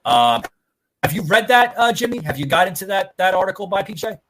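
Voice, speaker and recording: Rambling male podcast host, bright voice. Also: high-pitched, big pitch swings, fairly quick, poor audio. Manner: rambling, many fillers and profanity. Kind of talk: casual podcast chat.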